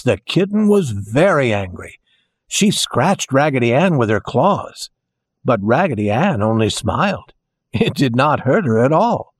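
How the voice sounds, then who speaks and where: A man narrating a children's storybook in a slow, gentle, expressive way. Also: mid-range voice, dry recording.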